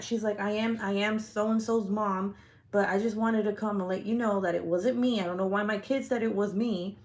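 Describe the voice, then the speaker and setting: A woman's voice: mid-range voice, fairly even intonation, normal speed, a little mellow. A young adult woman vlogger telling a heated neighborhood story in a casual, profane way, full of "like" fillers.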